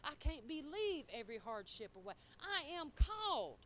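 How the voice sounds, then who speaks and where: A middle-aged woman preacher giving a sermon, telling folksy stories and prodding her congregation for responses, swinging between quiet and loud. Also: high-pitched, sing-song, moderate pace, a little hiss or hum.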